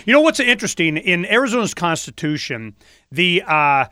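A man hosting a casual talk radio show, animated and mocking, who slips into voices to mimic officials. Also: high-pitched, moderate pace, no echo, studio quality.

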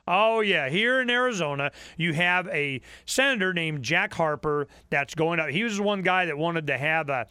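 A talk radio host delivering an impassioned call-in monologue, hammering his points again and again. His voice is a man's, sitting a bit high, with a tense, forceful edge. The sound is close and dry. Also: expressive, normal speed, hardly any pauses, clear, resonant tone, no echo. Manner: fervent, repetitive, ranting.

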